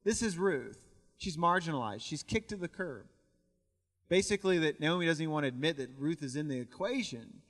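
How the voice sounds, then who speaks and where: High, bright-voiced young preacher in a church hall. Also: male voice, animated, fairly quick. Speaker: pastor. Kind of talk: sermon. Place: church sanctuary.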